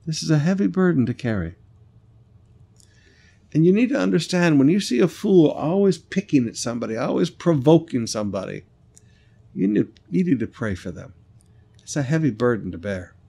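A man preaching a sermon as a pastor, stressing and repeating lines, slowing down on scripture and telling stories in a conversational way. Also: a little high, sing-song, creaky, warm tone, slightly rough. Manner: conversational storytelling asides.

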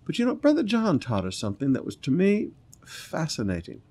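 A man preaching a sermon, reading scripture aloud and adding commentary, swinging between loud emphatic lines and quiet earnest asides. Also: a little high, huge pitch swings, fairly quick.

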